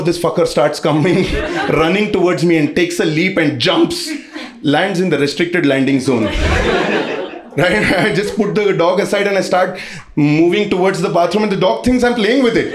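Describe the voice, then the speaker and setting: A man with an Indian English accent doing a stand-up comedy set on a club stage, telling animated stories full of crude slang. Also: a little high. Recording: echoey live room, loud background noise.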